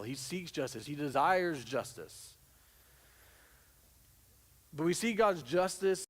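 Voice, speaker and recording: A pastor giving a conversational sermon, acting out little quotes as he goes. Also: a little high. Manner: conversational preaching with acted-out quotes. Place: church sanctuary.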